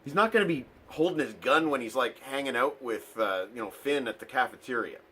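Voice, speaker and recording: A man chatting casually through a toy unboxing, sarcastic and dry, with plenty of ums along the way. His voice sits at an ordinary middle pitch. A faint hiss of background noise runs under the recording. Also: expressive, fairly quick, pushed and bright.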